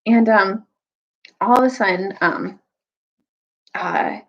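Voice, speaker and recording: A young woman telling a children's story, recapping and reading aloud in a casual, animated way. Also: slow pace, muffled recording. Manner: animated, jumps high for quoted characters.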